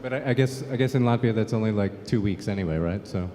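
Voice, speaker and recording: A man at a live event cracking dry puns in relaxed, easygoing banter. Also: fairly low pitch, quick pace. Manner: dry punning humor, easygoing. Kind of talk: improvised stage banter. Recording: long reverb in a large hall, from the mic.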